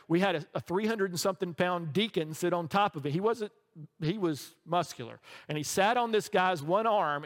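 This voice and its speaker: Man, middle-aged, pastor, sermon, conversational storyteller, somewhat high voice, long hall echo. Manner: conversational storytelling, often checks in with "right?". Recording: long reverb from a large hall.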